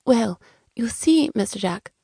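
A woman's voice: on the high side, animated, unhurried, gravelly, dark tone, husky, no room sound, studio quality, voice pushed up, exaggerated voice. A woman voicing a nervous, stammering older male house servant, deferential and shaky, in a children's audiobook. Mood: anxious.

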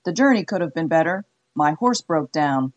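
A woman voicing a cocky, confident cowboy hired gun who speaks in a slow drawl. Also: low-pitched, lively intonation, muffled recording.

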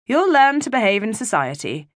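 A woman's voice: fairly high pitch, very animated, normal speed, dry recording, studio quality, pitched above the performer's own voice. A woman voicing a mother of two girls in a storybook reading, sometimes uncertain and sometimes firm.

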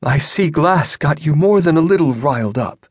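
A man voicing a calm, commanding admiral. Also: a little high, husky, dry recording, studio quality, voice pushed up. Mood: measured. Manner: measured, apologetic yet firm.

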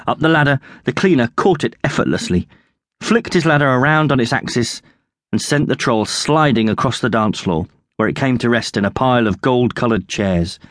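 Man, children's audiobook narration, lively and expressive, mid pitch, dry close sound. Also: normal speed, no echo. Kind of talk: scripted children's story narration.

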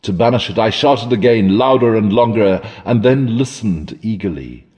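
A man narrating a classic horror story in a measured, dramatic storytelling manner. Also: fairly low pitch, animated, a little mellow, husky, in a large hall. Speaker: audiobook narrator.

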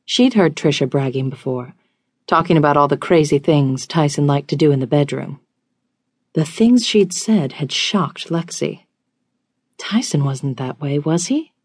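A woman reading a romance audiobook in an even, measured way. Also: low voice, husky, dry recording, clean studio sound. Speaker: audiobook narrator. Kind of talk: scripted romance narration.

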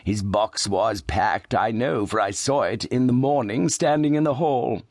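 Audiobook: a man voicing a smug, syrupy hypocrite, slow and lilting, dry close sound. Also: mid-range voice, a little mellow, no room sound. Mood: unctuous. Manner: slow, sweet, unctuous delivery. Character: sanctimonious hypocritical middle-aged male architect. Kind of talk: audiobook character reading.

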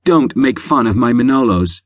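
Audiobook figure: man doing a snappy, petulant young woman, pitched up, dry studio sound. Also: animated, normal speed, no echo, close to an everyday voice. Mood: exasperated. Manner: shrill, exclaiming, petulant. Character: irritable young woman, hot-tempered and sharp-tongued.

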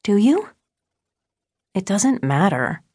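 A woman voicing a frantic mother who questions her teenage daughter in a low, urgent, pleading voice. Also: sing-song, slow, a little mellow, breathy edge, dry recording, clean studio sound, full character voice. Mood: pressing.

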